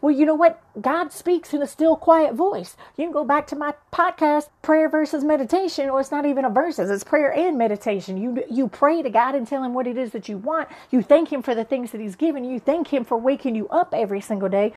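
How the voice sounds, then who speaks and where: A middle-aged woman with a slightly high voice hosts a motivational podcast. She speaks straight to her listeners, fired up, blunt and profane, like a preacher. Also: fairly quick, hardly any pauses, darkish tone. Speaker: podcast host.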